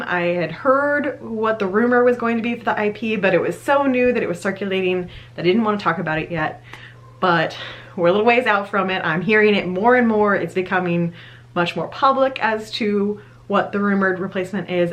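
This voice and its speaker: A woman's voice: medium pitch, a bit bright. A woman in her thirties chatting enthusiastically to her viewers as a vlogger, laughing now and then. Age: 30s. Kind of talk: casual chat to camera.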